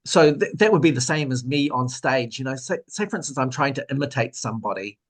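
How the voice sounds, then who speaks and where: New man, mid-pitched, thoughtful guest, talks through ideas with trailing fillers. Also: lively intonation, fast talker. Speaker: guest author. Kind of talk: casual discussion.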